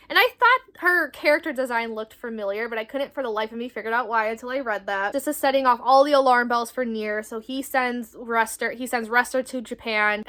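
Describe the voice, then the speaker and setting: A woman's voice: a little high, fairly bright tone. A woman in her twenties giving a casual book review, rambling, swearing freely and reacting with animation. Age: 20s. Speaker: book vlogger.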